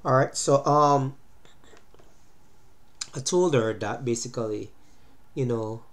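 A man's voice: medium pitch, slow pace. A young man with a stuffy cold giving relationship advice in a casual vlog, lecturing and checking in with "you understand?". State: congested from a cold. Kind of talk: casual talking-to-camera monologue.

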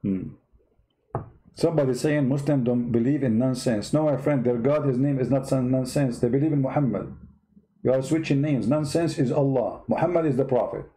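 A man's voice: medium pitch, a little fast, warm tone, rough recording. A man from the East, hosting comedic religious commentary in a sarcastic, mock-bewildered way. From Middle East. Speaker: host.

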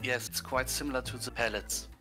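A man's voice: medium pitch, steady tone, fairly quick, pushed and bright, faint music behind. Man explaining over voice chat. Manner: helpful, explains, hesitant fillers. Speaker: guest on voice chat. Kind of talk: casual voice chat.

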